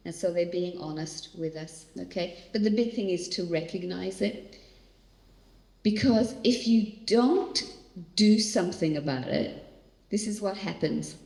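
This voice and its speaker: A woman giving a conversational church teaching as a seminar speaker, speaking earnestly and directly to audience members. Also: fairly low pitch. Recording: echoey hall.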